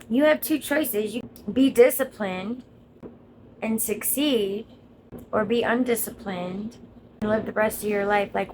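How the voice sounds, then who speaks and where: A woman's voice: mid-range voice, a little slow, background noise. A woman content creator giving an earnest, encouraging motivational monologue straight to her viewers.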